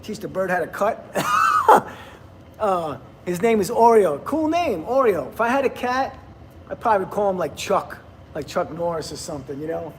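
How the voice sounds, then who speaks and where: A man's voice: sits high, sing-song, moderate pace, noisy background. A middle-aged man, hosting a casual livestream, chatting, laughing and reading viewer comments aloud. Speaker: livestream host.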